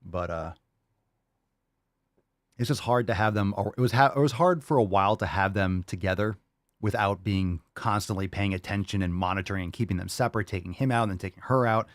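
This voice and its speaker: A man's voice: on the low side, brisk, dry recording, clean studio sound. A young man hosting a podcast, talking loosely and casually, laughing often and swearing freely. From Florida. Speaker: podcast host.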